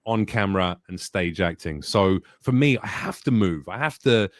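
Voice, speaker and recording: A man in a casual podcast chat as an actor and voice-actor guest. He talks in an animated, expressive, jokey way. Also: low-pitched, normal speed, dry recording.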